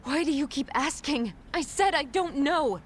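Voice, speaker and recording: A guarded, evasive teacher. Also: female voice, high voice, expressive, moderate pace, slight background noise. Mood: defensive. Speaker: teacher under questioning. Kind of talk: game voice acting.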